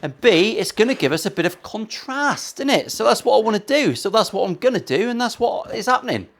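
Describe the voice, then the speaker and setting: Man, slightly high voice, cheeky sweary banter, rambling workshop chat. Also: very animated, fairly quick. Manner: cheeky, joking, rambling asides. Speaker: luthier, guitar-building vlogger. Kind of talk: casual sweary banter while working. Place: guitar workshop.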